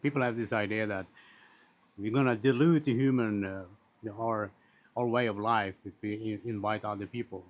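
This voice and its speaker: A man talking in a casual, rambling monologue, blunt and quick to swear, with frequent restarts and asides. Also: fairly low pitch, steady tone. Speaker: commentator on social issues. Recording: dull lo-fi recording.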